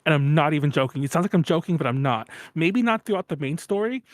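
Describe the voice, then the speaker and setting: A man co-hosting a casual podcast, ranting quickly and laughing often. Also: a little high, lively intonation, no echo. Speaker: podcast co-host.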